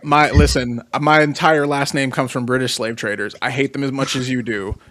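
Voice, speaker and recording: A man's voice: mid-range voice, moderate pace. A man co-hosting a casual wrestling podcast, telling stories with lots of laughter and now and then singing a line. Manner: animated storyteller, laughs often, sings snatches of songs. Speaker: podcast co-host.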